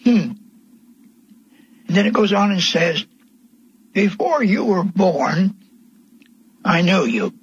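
An older man preaching a sermon, telling his testimony slowly and emphatically, with voice rising into cries. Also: high-pitched, animated, slightly rough, muffled recording. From Pennsylvania, USA.

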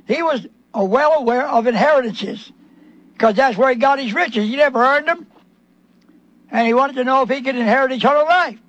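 A man's voice: extremely high pitch, brisk, fairly bright tone, no room sound, highs cut off. A man preaching a sermon, emphatic, repeating phrases and acting out the questions of Bible figures in their own voices.

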